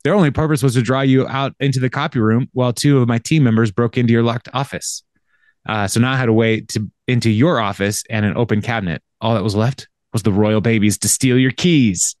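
A podcast co-host speaks in a medium-pitched, slightly quick, darkish male voice, recorded with studio quality and no room sound. He casually rambles through an episode recap, full of fillers and laughter.

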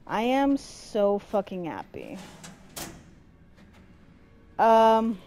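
A woman's voice: on the high side, sing-song, extremely slow, mellow, a little hiss or hum. A young woman commenting on a horror game, swearing a lot and talking to the game as she plays. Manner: swearing, jumpy, talks to the game. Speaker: gamer.

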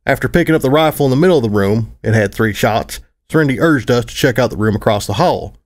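A man's voice: medium pitch, expressive, fast talker. A man narrating a fan fiction audiobook in first person, with a wry, dry delivery.

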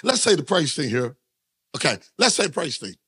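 A man's voice: fairly high pitch, sing-song, normal speed, a bit bright, slightly rough. A man preaching a sermon, with call-and-response lines he has the congregation repeat. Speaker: pastor.

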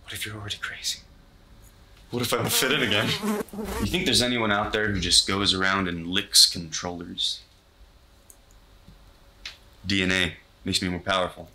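A man's voice: steady tone, normal speed, pauses often, noisy background. A young man doing a mock-paranoid comedy rant as a YouTuber. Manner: mock-paranoid, yelling in a frantic high voice. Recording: voice over loud music.

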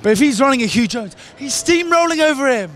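An angry rugby fan swears and shouts through a street interview outside a stadium. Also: male voice, extremely high pitch, lively intonation, fast talker. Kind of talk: vox pop rant.

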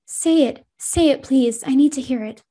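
A woman voicing a trapped, needy ghostly young girl who speaks in a hushed, pleading, clinging way. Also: sits high, normal speed.

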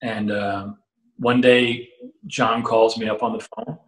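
A man's voice: on the low side, takes it slowly. A middle-aged man, a guitarist guest, telling stories in an interview, acting out quotes and swearing freely. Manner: animated storyteller who acts out quotes, swears freely. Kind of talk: storytelling interview. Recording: roomy echo.

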